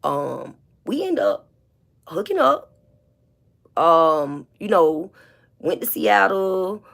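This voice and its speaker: A woman's voice: mid-range voice, sing-song, very slow, creaky. A woman speaking in a candid, blunt confessional monologue to her viewers, emotional and holding back tears, with many repeats and fillers. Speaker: vlogger.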